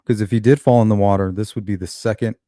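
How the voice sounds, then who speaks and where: A man's voice: fairly low pitch, steady tone, fast talker, mellow, dry recording, clean studio sound. A man hosting a live true-crime stream, musing over a case and greeting viewers in chat. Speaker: host of a true-crime livestream. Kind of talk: casual live commentary.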